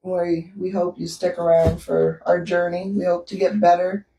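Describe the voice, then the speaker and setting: A woman's voice: fairly low pitch, completely flat delivery, moderate pace, creaky, dark tone. A woman from Canada co-hosting a vlog, telling a story in casual chat and laughing often. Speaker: vlog co-host. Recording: roomy echo, distant from the mic.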